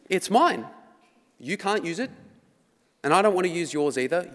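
A man delivers a sermon in a church hall, his voice sitting a bit high for a man. He talks in a conversational way, then pushes into dramatic emphasis. The hall adds a long, lingering reverb. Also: big pitch swings, normal speed, pauses often, fairly bright tone. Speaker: preacher.

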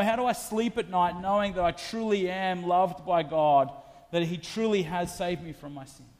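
A man preaches with earnest, personal conviction, sliding from hushed admissions to loud, ringing declarations. His voice sits a little high for a man. The sound carries the long reverb of a large hall. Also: fairly even intonation, moderate pace. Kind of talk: sermon.

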